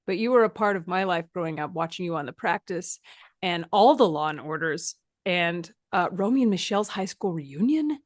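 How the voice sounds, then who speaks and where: A woman's voice: on the low side, animated, moderate pace, dry recording, studio quality. A woman hosting a podcast, chatting casually and playfully with frequent laughter. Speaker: podcast host. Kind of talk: casual interview chat.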